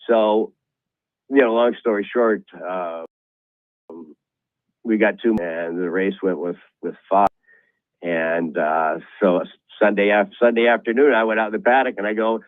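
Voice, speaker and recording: A man's voice: lowish voice, no echo. Rambling man on a tinny phone line. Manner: rambling, halting, many restarts. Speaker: racing office guest. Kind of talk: storytelling on a radio call-in.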